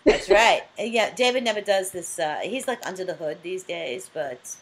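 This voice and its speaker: A woman's voice: lowish voice, lively intonation, normal speed, very noisy. A woman hosting a casual chat over a video call, talking freely with frequent restarts and laughter. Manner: chatty, laughs often, many restarts. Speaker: host.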